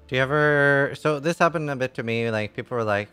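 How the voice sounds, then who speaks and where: A man hosts a stream in a relaxed, upbeat way while he reads out viewer questions. His voice sits at a middle pitch, with faint music behind him. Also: brisk, few pauses, clean tone. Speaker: host.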